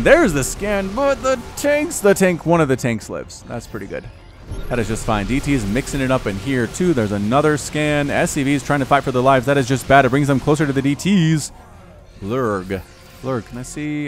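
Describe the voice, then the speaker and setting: Excitable man casting a strategy game. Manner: excitable, rises sharply in pitch and volume at big plays. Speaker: game caster. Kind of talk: video game commentary. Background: faint background music.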